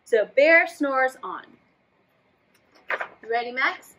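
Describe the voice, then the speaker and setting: A woman's voice: high voice, animated, slow, pushed and bright, slight background noise, rough recording. A woman leading a preschool storytime, reading a picture book aloud and coaxing the children to join in with playful sound effects.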